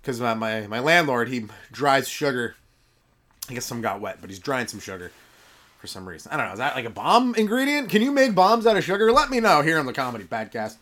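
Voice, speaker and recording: A man's voice: mid-range voice, sing-song, brisk, fairly bright tone. A man hosting a solo comedy podcast, rambling and sarcastic. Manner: rambling, sarcastic, mumbles asides. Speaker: podcast host. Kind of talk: stand-up comedy monologue.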